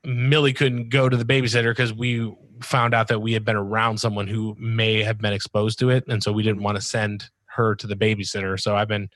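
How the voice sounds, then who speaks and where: A man's voice: on the low side, little pitch movement, brisk, hardly any pauses, a bit bright, no echo. A man hosting a podcast in casual chat, talking in a loose rambling way full of fillers and easy laughs. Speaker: podcast host.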